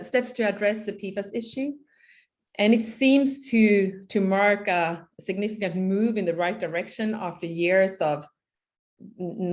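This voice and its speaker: Woman presenter, mid-pitched, measured delivery with fillers, webinar talk. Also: darkish tone. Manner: measured, with frequent fillers and restarts. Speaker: policy speaker at a webinar. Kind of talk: presenting slides in an online webinar.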